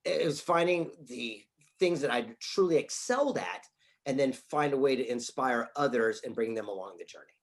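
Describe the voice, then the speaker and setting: A man, an author and speaker, answering interview questions with animated stories and acted-out dialogue from his office. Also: mid-range voice, moderate pace. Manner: animated storyteller, acts out quoted dialogue.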